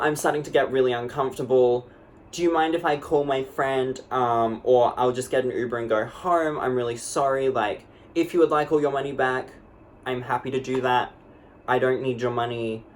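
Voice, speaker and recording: A man's voice: mid-range voice, moderate pace, slight background noise, close to an everyday voice. A man playing a rambling girl vlogger. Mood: dramatic. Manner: rambling, lots of "like", breathless and dramatic. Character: young woman vlogger telling a dramatic storytime. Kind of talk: comedic storytime monologue.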